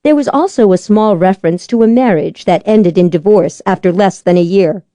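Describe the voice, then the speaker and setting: Female audiobook narrator, measured and even; mellow voice, dry studio sound. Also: medium pitch, dry recording.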